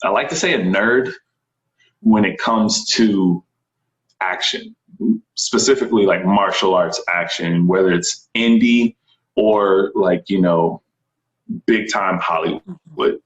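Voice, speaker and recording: A young man from Texas, a stunt performer, talks through his story in a relaxed interview. His voice sits fairly low and he tells it with animated enthusiasm, slipping into other people's voices. The room has a noticeable echo. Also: slow, pauses often. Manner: animated, enthusiastic, frequent laughs and quoted voices.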